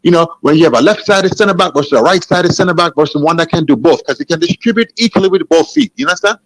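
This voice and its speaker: A man's voice: fairly high pitch, quick pace, rough recording. A man from Jamaica with a Jamaican accent, a football coach explaining tactics in casual chat, often asking if you understand. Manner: animated, restarts sentences, asks "you understand?".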